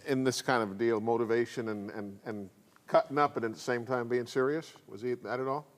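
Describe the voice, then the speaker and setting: A man acting as the interviewer prompts old players with loose, relaxed questions. His voice carries a long, echoing reverb and is heard at a distance. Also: mid-range voice, brisk.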